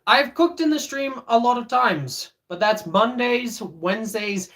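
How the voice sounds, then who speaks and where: This is a man chatting on his live stream, talking at a slow, easy pace. He teases and roasts his viewers as he reads their messages, often stalling on fillers and starting over mid-sentence. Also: very high voice, animated, a bit bright. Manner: joking, teasing, reads chat aloud; many fillers and restarts. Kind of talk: casual live-stream chat.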